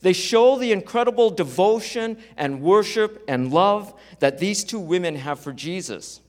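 High-voiced man preaching a sermon. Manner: explanatory, conversational preaching with asides. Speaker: pastor. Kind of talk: sermon, Bible teaching.

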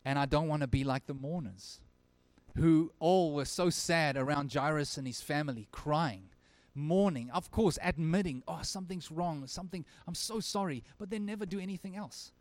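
A man preaching a sermon to his church, his voice sitting a little high for a man. He talks earnestly, rising to stress a point and then dropping almost to a hush. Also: moderate pace, dry recording. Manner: earnest, swinging from emphatic to very quiet. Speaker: pastor. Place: church service.

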